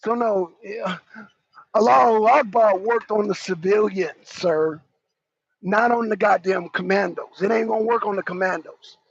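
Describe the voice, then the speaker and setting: A man with a very high, gravelly voice launches into loud, cursing, mocking rants as a talk show panelist. The sound is dry and close, with a dull, lo-fi tone. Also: unhurried, dry recording. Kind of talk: heated live-stream commentary.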